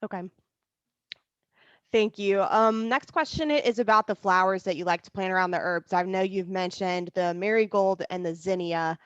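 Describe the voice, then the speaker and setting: A woman's voice: medium pitch, moderate pace, a bit bright, smooth, dry recording. Polite woman moderator on lo-fi audio. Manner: polite, friendly, reads questions aloud. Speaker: class moderator. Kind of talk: reading audience questions. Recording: dull dry lo-fi audio.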